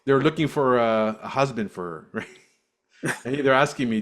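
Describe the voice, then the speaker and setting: A man's voice: mid-range voice, normal speed. A man co-hosting a podcast, telling stories in casual chat with frequent laughter and restarts, from Cyprus. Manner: storytelling, laughs often, restarts. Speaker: podcast co-host.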